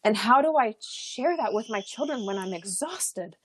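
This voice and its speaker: Dry, close, higher-voiced woman telling her story. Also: lively intonation, normal speed, fairly bright tone, slightly rough, dry recording. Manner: chatty, many fillers and restarts, laughs often. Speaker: podcast guest. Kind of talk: casual personal storytelling.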